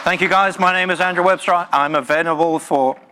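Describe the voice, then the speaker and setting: A man's voice: high-pitched, fairly even intonation, a little fast, over a noisy crowd, very noisy. A man giving a live talk at a tech conference, passionate and emphatic, with playful jokes to the room. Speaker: conference speaker.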